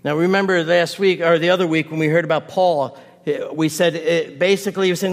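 A male pastor delivering a sermon to his congregation, building to emphatic repeated exhortations and dropping soft and low for prayer. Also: steady tone, a little fast, creaky, big-room sound. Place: church sanctuary.

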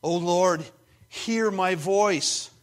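An anguished ancient psalmist voiced by a man preaching cries out for mercy, pleading and insistent. The voice lifts a little higher and louder as it begs to be heard. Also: unhurried. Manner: pleading, intense, emphatic.

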